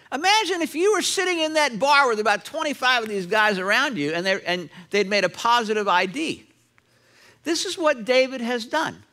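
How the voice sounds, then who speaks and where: Animated, bright-voiced male preacher. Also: very high voice, a little fast. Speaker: pastor. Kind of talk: sermon. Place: church sanctuary.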